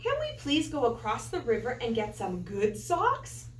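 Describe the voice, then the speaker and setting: A woman voicing a stubborn, excitable little girl with a squealing, emphatic delivery in a storybook reading. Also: a little high, moderate pace, a little hiss or hum. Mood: eager. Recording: echoey room, far from mic.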